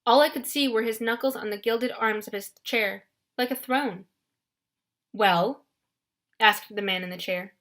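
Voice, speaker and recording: Bright-voiced woman narrating an audiobook. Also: a little high, moderate pace. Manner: expressive first-person storytelling.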